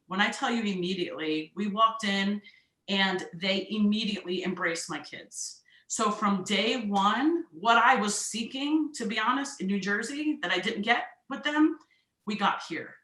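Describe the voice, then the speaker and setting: Woman author guest, bright sharp voice, echoey room, earnest and emphatic. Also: medium pitch. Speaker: guest, children's book author. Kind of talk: casual interview chat. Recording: roomy echo.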